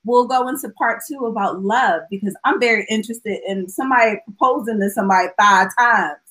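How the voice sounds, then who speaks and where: A woman's voice: mid-range voice, brisk, a bit bright, rough recording. A woman co-hosting a podcast in casual chat, often laughing as she talks. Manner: laughs a lot while talking. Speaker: podcast co-host.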